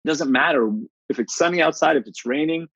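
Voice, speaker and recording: Gravelly, husky man telling a blunt story. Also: on the high side, brisk, no room sound, lo-fi sound. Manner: blunt, animated storyteller who swears casually. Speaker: life coach and podcast guest. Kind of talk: casual interview storytelling.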